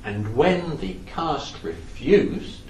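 A man giving a lively, anecdotal talk in a lecture-style storytelling manner. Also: on the high side, drawn-out words. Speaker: speaker on theatre history. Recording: echoey room from some distance, faint background noise.

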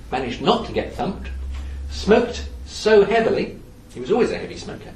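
A man giving a lively, anecdotal talk in a lecture-style storytelling manner. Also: high voice, normal speed, hardly any pauses. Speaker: speaker on theatre history. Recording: echoey room from some distance, faint background noise.

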